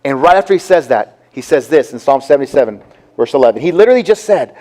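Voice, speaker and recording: A man preaching a sermon as pastor, talking conversationally, acting out Bible characters' lines and dropping low and soft for emphasis. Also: animated. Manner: acts out Bible characters' lines in quick voices.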